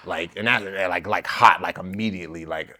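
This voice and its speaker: A man, a podcast guest telling his story in an animated way, acting out the quotes and using many fillers. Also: low-pitched, normal speed. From the Bronx, New York. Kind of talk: storytelling interview.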